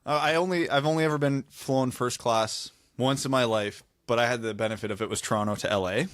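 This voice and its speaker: A man's voice: medium pitch, fairly even intonation, brisk, fairly bright tone, no room sound. A man co-hosting a casual podcast, chiming in with dry, teasing quips. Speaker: podcast co-host.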